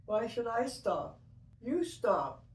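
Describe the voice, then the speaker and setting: A woman's voice: a little high, big pitch swings, slow, far from the mic. An older grandmother teasing a pet parrot in mock-hurt banter. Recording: roomy, from off-mic.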